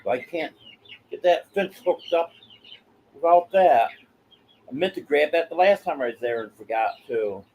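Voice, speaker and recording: Slightly high hoarse guy on a farm livestream, folksy chat, faint noise and birds around. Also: expressive, a little slow, long pauses, darkish tone, rough recording. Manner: folksy storytelling, replies to chat. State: voice giving out, hoarse. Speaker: livestream host. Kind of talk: casual live-stream chat.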